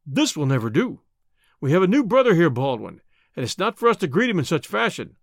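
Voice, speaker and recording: A man voicing a burly, domineering male lodge boss who is bluff and menacing, with a loud, commanding manner that turns to hearty bluster. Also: on the high side, big pitch swings, fairly quick, vocal fry, no echo, clean studio sound, heavily acted.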